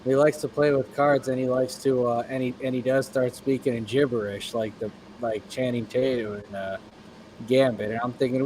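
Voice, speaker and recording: A man's voice: medium pitch, steady tone, normal speed, a little mellow, low-quality recording. A man co-hosting a casual radio chat, asking curious follow-up questions. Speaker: radio show co-host. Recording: faint background noise.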